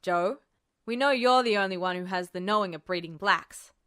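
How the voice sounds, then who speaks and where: Woman putting on a gruff male jockey. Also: medium pitch, normal speed, fairly bright tone, lightly acted. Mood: challenging. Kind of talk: audiobook character voice.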